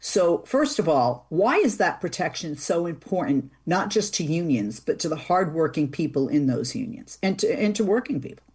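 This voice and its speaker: A woman's voice: low voice, sing-song, moderate pace, hardly any pauses, a little mellow, breathy edge. A woman hosting a talk show, chatty and easygoing, with plenty of fillers and restarts. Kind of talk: casual radio interview.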